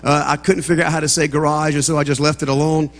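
A guest preacher from the American South speaks quickly in a high-side, level voice. In the church sanctuary, he starts his sermon with humor aimed at the congregation before ramping up into fervent preaching, and long reverb trails his words.

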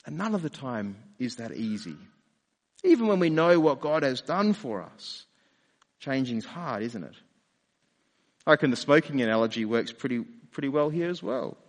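A man's voice: on the high side, big-room sound. A man preaching a sermon in a conversational way, often asking rhetorical questions. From Australia. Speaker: pastor.

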